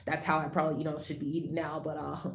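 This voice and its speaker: A woman talking casually to the camera, rambling with lots of fillers and restarts, turning loud and heated as she rants. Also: deep voice, little pitch movement, very fast. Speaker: vlogger. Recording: echoey room, faint background noise.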